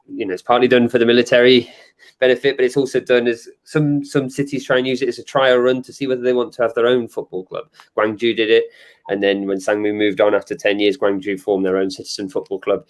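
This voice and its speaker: A man with a slightly low voice talks through things on a casual podcast. He explains at length with dry humor and pads his sentences with fillers. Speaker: podcast co-host.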